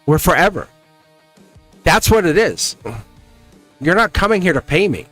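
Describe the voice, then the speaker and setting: A man giving a live-stream tarot reading, emphatic and animated, laughing often and slipping into a scolding teacher tone. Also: high-pitched, a little slow, faint music behind. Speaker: tarot reader.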